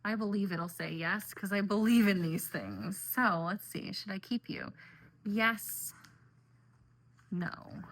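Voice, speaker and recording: A woman's voice: medium pitch, lively intonation, slow pace. A woman vlogging in a chatty, rambling way, talking casually and filling her sentences with "um" and "like". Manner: chatty and rambling, with frequent fillers and "like". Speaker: tarot and oracle deck vlogger. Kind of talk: casual chat.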